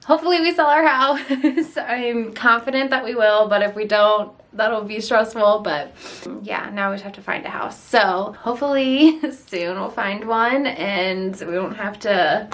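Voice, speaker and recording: A woman's voice: mid-range voice, unhurried, a bit bright. A young woman vlogging a casual house tour, chatty and giggly, out of breath after a workout as she walks from room to room inside a house, filmed on a handheld vlog camera. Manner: chatty, giggly, talks while walking room to room.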